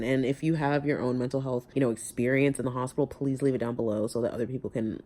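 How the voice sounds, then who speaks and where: A woman's voice: rumbling low, fairly even intonation, fast talker, few pauses, dark tone. A young woman vlogging about her own life, candid and often close to tears, trailing off and laughing through it. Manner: tearful, breaks off mid-sentence, laughs through tears. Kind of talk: emotional personal vlog.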